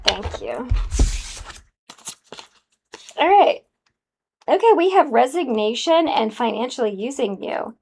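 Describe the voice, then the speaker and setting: A woman's voice: high-pitched, expressive, moderate pace, vocal fry, a little mellow, husky. A woman giving a casual, sassy spiritual card reading to the viewer, calling them honey. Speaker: tarot card reader.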